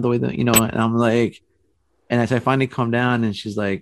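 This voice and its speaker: A middle-aged man casually telling a story, animated and rambling, with restarts and acted-out quotes. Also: medium pitch, fast.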